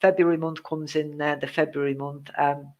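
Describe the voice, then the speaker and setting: A woman's voice: sits low, level tone, normal speed, a little mellow, lo-fi sound. A woman, a psychic medium giving a live-streamed reading in a chatty, repetitive way. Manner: chatty, repetitive, laughs at tech trouble. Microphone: live-stream setup with a glitchy connection.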